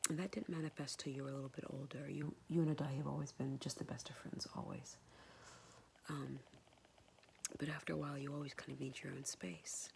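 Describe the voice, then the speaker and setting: A woman whispering a soft, hesitant, tender and apologetic personal message to her son, pausing often. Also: rumbling low, vocal fry, a little hiss or hum. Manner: soft and hesitant, many pauses and fillers. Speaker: mother speaking to her son.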